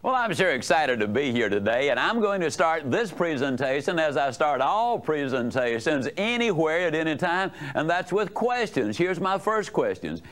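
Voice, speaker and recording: A man's voice: on the high side, sing-song, moderate pace, few pauses, a bit bright. A man giving a motivational lecture to a live audience, folksy and humorous, telling stories and asking the room questions. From United States. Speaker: motivational speaker.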